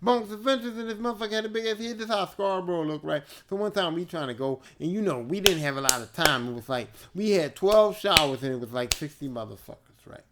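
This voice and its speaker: A male podcast host telling a casual story alone, laid-back, profane and animated. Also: sits high, fast talker, hardly any pauses, very noisy.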